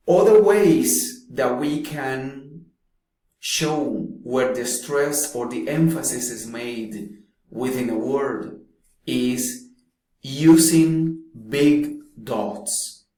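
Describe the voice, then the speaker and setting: A man teaching pronunciation in a slow, deliberate way, pausing often between phrases. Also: medium pitch, darkish tone. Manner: slow, deliberate, drawn-out speech with long pauses. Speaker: English teacher. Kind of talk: slow explanatory lesson. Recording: very echoey room.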